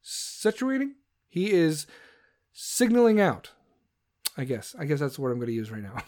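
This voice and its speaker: A man's voice: medium pitch, huge pitch swings, fairly quick, a little mellow. A man, a parent, delivering a heated, profane rant that keeps stumbling and restarting. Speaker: parent ranting on camera.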